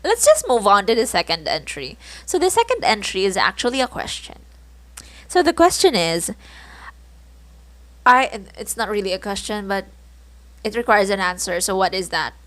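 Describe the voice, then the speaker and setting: A woman's voice: medium pitch, very animated, normal speed, pauses often, a bit bright, no room sound. A young woman with a Filipino accent hosting a casual solo podcast, telling stories from her own life with laughs, groans and self-mocking asides. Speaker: podcast host.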